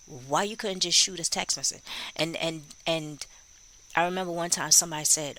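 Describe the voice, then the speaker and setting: Gravelly, sharp-toned true crime commentator. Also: medium pitch, brisk, slight background noise, low-quality recording. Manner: musing, rhetorical, acts out quoted dialogue. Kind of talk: casual spoken commentary.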